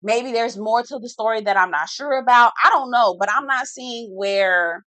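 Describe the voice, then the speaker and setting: A woman's voice: on the high side, normal speed, few pauses, sharp tone, no room sound. A woman giving a sassy, dramatic, casual recap of a reality TV episode as a vlogger, full of slang asides.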